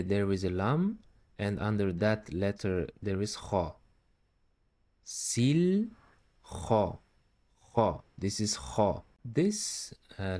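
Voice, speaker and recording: A man teaching Quran recitation step by step, patiently repeating syllables slowly. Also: fairly low pitch, a little mellow. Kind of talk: slow step-by-step recitation lesson.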